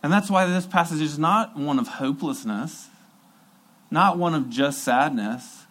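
An earnest male preacher delivering a sermon with emphasis, circling back to repeat his key phrases. His voice sits slightly high for a man. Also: measured pace, fairly bright tone, rough recording.

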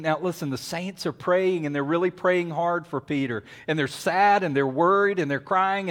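Male pastor, animated storyteller, acts out the characters, pitch a bit high. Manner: animated storytelling with acted-out voices and whisper-yelling. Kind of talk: sermon.

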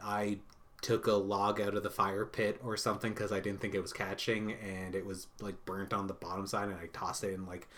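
A man's voice: fairly low pitch, flat delivery, normal speed, a bit bright. A man co-hosting a podcast in casual chat, laid-back and rambling, laughing often. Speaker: podcast co-host.

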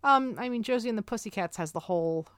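A woman's voice: a little high, lively intonation, quick pace, fairly bright tone, no echo, studio quality. A woman hosting a podcast in casual chat, chatty and friendly. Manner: chatty, friendly, frequent fillers. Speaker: podcast host.

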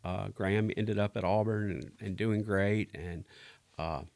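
A man's voice: fairly low pitch, steady tone, creaky, a little mellow. A middle-aged man, talking casually on a podcast and restarting his sentences often. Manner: halting, with many restarts. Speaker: director of ministries.

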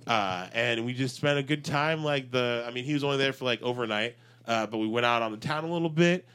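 His mid-range voice is brisk, a bit bright, and clean in tone. As a podcast co-host he spins rambling, casual stories, cursing freely and using lots of fillers.

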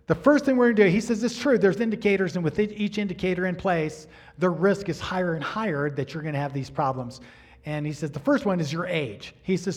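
A middle-aged man preaching, telling a personal story in an animated way and acting out the dialogue. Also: high-pitched. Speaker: pastor. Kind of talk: sermon storytelling.

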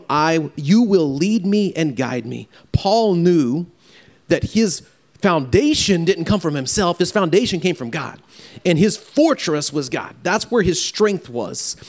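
A man preaching a farewell sermon in an earnest, halting way, often repeating words as he speaks. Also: a little high, a little mellow. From Louisiana. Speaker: pastor.

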